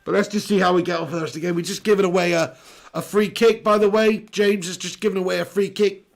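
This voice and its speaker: A man's voice: high-pitched, fairly even intonation, fast, gravelly. A young man hosting a live football watch-along, chatting and joking while he reads out viewers' comments. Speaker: live stream host.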